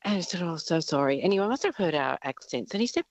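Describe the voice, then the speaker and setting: A middle-aged Australian woman calling in to a radio show, telling a travel story in a lively, chatty way with frequent laughs. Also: mid-range voice, very fast, dry recording. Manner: lively anecdotal, laughs often. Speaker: caller. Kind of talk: casual storytelling on the phone. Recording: muffled phone line.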